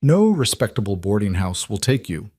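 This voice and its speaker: A man's voice: on the low side, very animated, normal speed, darkish tone, slightly rough, no room sound, clean studio sound. A man voicing a haughty, well-dressed woman who speaks with false, prim sympathy in an audiobook. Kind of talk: audiobook character voice.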